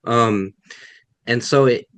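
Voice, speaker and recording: A man's voice: medium pitch, slow pace, fairly bright tone, clean tone, no echo. A man, a guest author, answering questions on a video call in a thoughtful way, often restarting his sentences. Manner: thoughtful, self-correcting, many restarts. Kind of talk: webinar Q&A answers.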